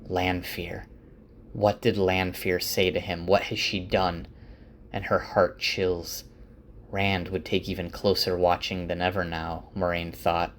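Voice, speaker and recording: A man's voice: sits low, level tone, unhurried, a little hiss or hum. A man giving a casual spoken summary of a book, full of fillers like "like" and "uh".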